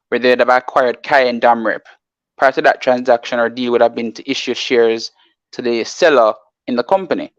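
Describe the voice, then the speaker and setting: A man's voice: medium pitch, dry recording. Male market analyst, explains at length, says "you know" a lot; dry, slightly dull audio. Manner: reads out formal text, then explains at length with many "you know"s. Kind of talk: explaining finance on a live show.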